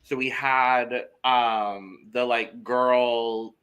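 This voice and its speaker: Bright, animated gossiping man. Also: mid-range voice, extremely slow, clear, resonant tone, dull audio. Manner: animated, gossipy, swears freely. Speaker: podcast co-host. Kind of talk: casual chat.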